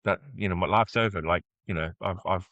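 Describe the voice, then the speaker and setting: Low male interviewer, easygoing, nods along, dry room sound. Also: a little fast, a bit bright, no room sound, lo-fi sound. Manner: agreeable, brief interjections. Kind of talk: casual interview.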